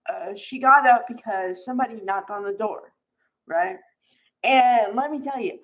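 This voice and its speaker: A woman casually recapping a soap opera for her viewers, chatty and full of fillers and asides. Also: a little high. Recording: dull lo-fi recording.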